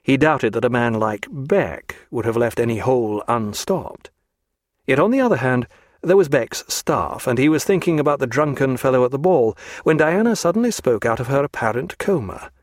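A medium-pitched male narrator reads a novel aloud for an audiobook, telling the story in a measured, even way. The scripted narration is recorded without any room sound.

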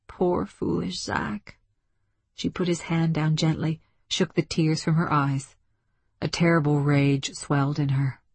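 A woman reading a story aloud as scripted narration, measured and dramatic. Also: low-pitched, husky, no room sound. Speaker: audiobook narrator.

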